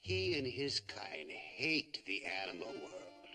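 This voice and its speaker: A whimsical, timid servant from a 1960s TV series. He talks slowly and fussily, and his voice swoops wildly up and down in a sing-song way. An orchestral score plays behind him. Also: mid-range voice, big pitch swings, music in the background. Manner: sing-song, fussy and gently eccentric.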